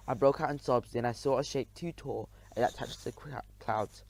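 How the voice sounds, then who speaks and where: A man narrating a children's adventure audiobook in the first person, telling it in an expressive, dramatic way. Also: mid-range voice, moderate pace, creaky, few pauses, poor audio.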